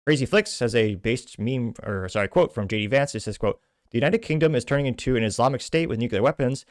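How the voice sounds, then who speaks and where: Clean studio audio with no room sound captures a medium-pitched man hosting a podcast. Between quotes from social media posts he reads aloud, he delivers quick, scornful commentary.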